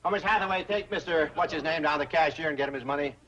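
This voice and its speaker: A man's voice: a little high, very fast, fairly bright tone, a faint crowd, natural voice. A man playing a groveling, theatrical banker. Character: fawning, money-hungry middle-aged banker. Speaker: bank president. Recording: dull old TV soundtrack with hiss.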